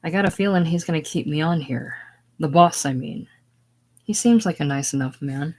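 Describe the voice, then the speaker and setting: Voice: mid-range voice, moderate pace, darkish tone, lightly acted. Chatty old widow seamstress going on about the old days, read out by a reader doing the voices. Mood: hopeful. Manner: earnest, talkative, chatty reminiscing. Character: widowed older woman, anxious seamstress.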